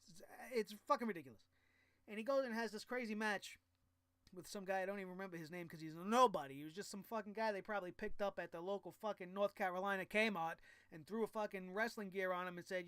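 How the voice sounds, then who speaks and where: A man's voice: sits high, fast talker, a bit bright, smooth, dry recording. A man recapping a wrestling show in a casual, profane and exasperated rant, full of sarcasm.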